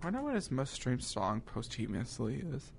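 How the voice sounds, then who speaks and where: A woman's voice: a bass voice, huge pitch swings, moderate pace, gravelly, a little mellow, slight background noise. A young woman guest in a casual trivia chat, playful and wry, breaking into bits of songs. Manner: playful, sings song snippets, wry remarks.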